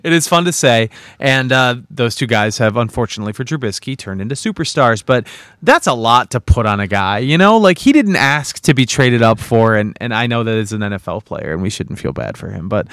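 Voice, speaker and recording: A man with a very animated pitch tells stories and teases his co-host on a sports podcast. His delivery is casual and quick to laugh. The recording is dry, with no room sound. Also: no echo. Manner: teasing, animated storyteller.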